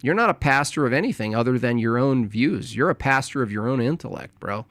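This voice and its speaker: A man's voice: medium pitch, animated, fairly quick, fairly bright tone, dry recording. A man in his forties giving combative, mocking live-stream commentary as a streamer. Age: 40s. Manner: mocking, taunting, argumentative. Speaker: streamer reacting to clips.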